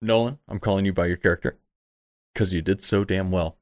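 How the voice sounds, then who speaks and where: A man narrating a tabletop game as game master, relaxed, jokey and freely swearing. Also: low-pitched, brisk.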